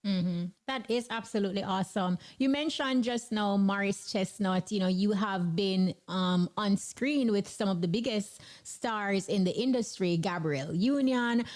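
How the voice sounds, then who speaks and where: A woman hosts a radio show and keeps the segment moving. Her delivery is brisk and upbeat, with a middle-range voice. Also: medium pitch, darkish tone. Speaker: radio host. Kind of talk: radio interview and on-air links.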